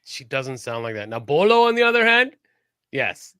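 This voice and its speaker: A man co-hosting a podcast in casual chat, animated, laughing often and swearing freely. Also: mid-range voice, normal speed, clear, resonant tone, no echo, clean studio sound. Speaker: podcast co-host.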